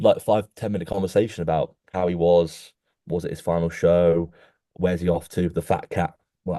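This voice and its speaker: Young podcast host, low-pitched, animated rambling storyteller, dry close sound. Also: male voice, no echo. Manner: animated storyteller, many restarts, keeps saying "mate". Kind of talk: casual chat.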